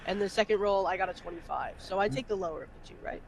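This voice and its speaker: High-voiced joking male player. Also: fairly even intonation, creaky, poor audio. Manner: joking, profane, quick banter. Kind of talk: tabletop game play.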